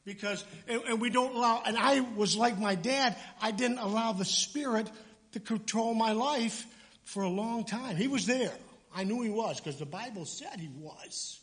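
A middle-aged man preaching a sermon, animated and conversational, with chatty asides. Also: sits high, moderate pace. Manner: animated, acts out voices in quotes, conversational asides. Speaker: pastor.

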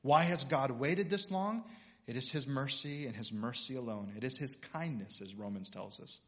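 A middle-aged male pastor delivering a sermon at a middle pitch. He talks with passion, swelling to loud, emphatic peaks. Between them he drops to quieter, reflective asides. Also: normal speed. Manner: reads scripture aloud with dramatic voices.

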